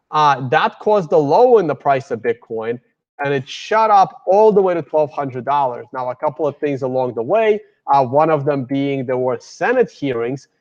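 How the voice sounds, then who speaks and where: Man, fairly high voice, casual lecture, rambling with uh and um, lo-fi muffled recording. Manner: casual, rambling, many fillers and restarts. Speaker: guest speaker. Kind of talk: live lecture with slides.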